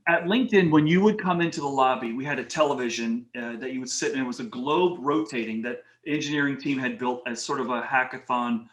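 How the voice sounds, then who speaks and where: A man as a podcast guest, telling lively anecdotes in casual talk and acting out the people in them. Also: medium pitch, quick pace, hardly any pauses. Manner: animated anecdotes with quoted voices. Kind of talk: casual storytelling interview.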